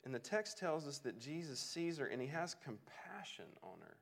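A man's voice: fairly high pitch, sing-song, normal speed, creaky. A man preaching a sermon in an earnest way, often repeating words as he restarts a thought. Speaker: pastor.

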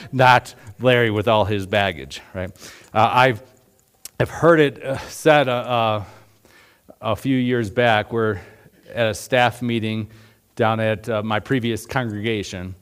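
A man's voice: fairly low pitch, clean tone. A man in his forties preaching a sermon in a conversational way, with rhetorical questions and many fillers. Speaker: pastor.

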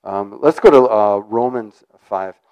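A man's voice: lowish voice, unhurried, a little mellow, clear, resonant tone, no room sound, poor audio. A man giving an informal sermon in a conversational, rambling way. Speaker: preacher.

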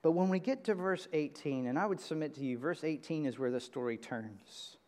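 A man preaching a sermon from a church pulpit, emphatic, jumping from loud high bursts to quiet low lines. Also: brisk. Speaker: pastor. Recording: reverberant church hall.

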